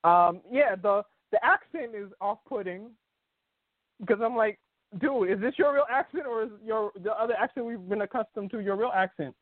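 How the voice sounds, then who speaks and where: A high-voiced man talks at normal speed on his casual sports podcast, with no room sound. He calls in by phone, giving a tinny, dry quality, and rambles with lots of fillers and restarts.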